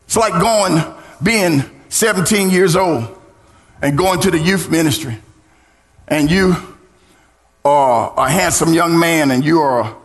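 A middle-aged man preaching a sermon as pastor, swinging into sung, shouted lines and calling on the congregation to respond. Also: a little high. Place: church. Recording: church hall reverb.

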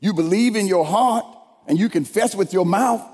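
A man preaching a sermon, leading the congregation in call-and-response and building to shouted lines. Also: high-pitched, normal speed. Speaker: pastor. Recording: long hall reverb.

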